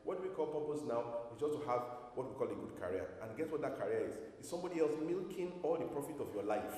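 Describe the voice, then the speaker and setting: A man's voice: mid-range voice, animated, fast talker, warm tone. A man preaching a sermon to his congregation, emphatic, full of rhetorical questions. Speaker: pastor. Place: church hall. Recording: echoey hall from far off.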